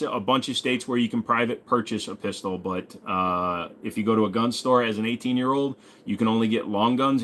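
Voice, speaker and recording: A man's voice: on the low side, a bit bright, slight background noise. A man in his forties hosting a casual livestream, reading out viewer questions and joking back in a laid-back way with some swearing. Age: 40s. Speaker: host.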